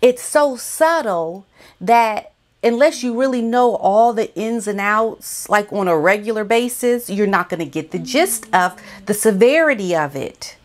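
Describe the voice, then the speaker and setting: A woman gives casual commentary to camera and addresses her viewers directly. Her voice sits at an ordinary middle pitch. She talks in a chatty, animated way. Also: a little slow. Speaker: vlogger.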